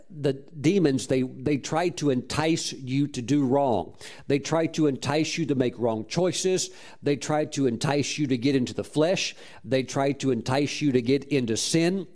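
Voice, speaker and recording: A man's voice: mid-range voice, a little mellow. A man preaching a sermon as a pastor, telling a story with fervent praise and frequent restarts. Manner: repeats words while restarting phrases.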